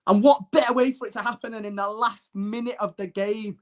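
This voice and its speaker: A man's voice: sits high, steady tone, brisk. A man hosts a live-streamed football show. He talks to his chat in a brash, mocking and emphatic way. His delivery is blunt and combative.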